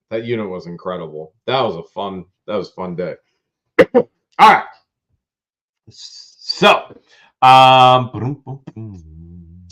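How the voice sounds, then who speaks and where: Man, auction host, excitable, loud bursts, dull lo-fi audio. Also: fairly low pitch. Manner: loud, excitable calling of lots and prices. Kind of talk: live-stream auction selling.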